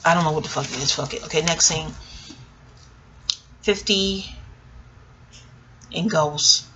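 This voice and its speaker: A woman with a low voice, speaking a little slowly over background noise, gives a casual, rambling TV episode review as a recap vlogger. She's joking and scattered, with frequent asides and free swearing.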